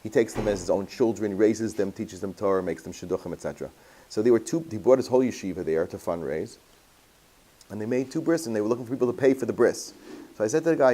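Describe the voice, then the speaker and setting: Low, mellow-voiced rabbi telling a story. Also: male voice, fast. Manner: animated anecdotal storytelling with Yiddish and Hebrew terms. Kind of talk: storytelling talk to a class.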